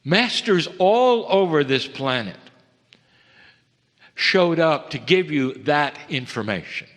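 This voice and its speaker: A man giving a slow, earnest channeled spiritual talk, pausing between phrases, recorded in a lecture hall. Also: a little high, lively intonation, a bit bright.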